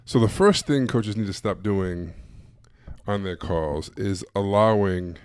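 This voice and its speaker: A man's voice: lowish voice, slow, a little mellow, smooth, no room sound, clean studio sound. A man giving a blunt, casual live-streamed coaching talk to sales coaches, full of emphatic asides.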